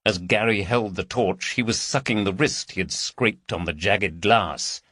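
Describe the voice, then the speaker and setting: A man narrating a crime audiobook in a measured storytelling voice. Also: fairly low pitch, fairly bright tone, no room sound, studio quality. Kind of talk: scripted narration.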